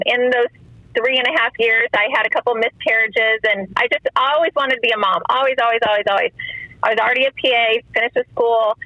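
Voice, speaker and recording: A woman's voice: a little high, pushed and bright, no echo, dull audio. A middle-aged woman telling her personal story as a podcast guest, emotional and often acting out what others said. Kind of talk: personal testimony in a podcast interview.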